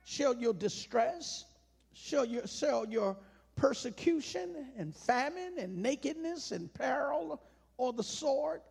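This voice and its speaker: A man's voice: very high-pitched, animated, slow, creaky, a little mellow, slightly rough. A man preaching a sermon, emphatic and rhythmic, repeating phrases and calling on the congregation to answer back. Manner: emphatic call-and-response preaching.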